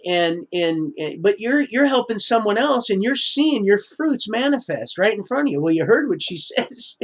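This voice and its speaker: Brief: man, high voice for his sex, rambling live-stream storyteller, stop-start delivery, preachy streak. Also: creaky, fairly bright tone. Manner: halting, full of restarts and trailing asides; preachy, sprinkles in religious talk. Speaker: livestreamer telling his life story.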